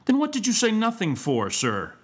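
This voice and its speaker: A man's voice: mid-range voice, expressive, a little slow, fairly bright tone. A man doing a cruel blustering schoolmaster. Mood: snarling. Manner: blustering and snarling, then oily and sweet. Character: cruel two-faced male schoolmaster, bullying.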